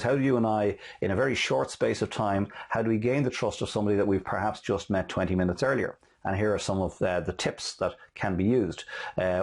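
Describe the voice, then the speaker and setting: A man hosting a motivational talk on selling, telling stories quickly with many fillers and restarts. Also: on the low side, vocal fry, darkish tone. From Ireland. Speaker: host and sales motivational speaker. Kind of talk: casual motivational talk with anecdotes.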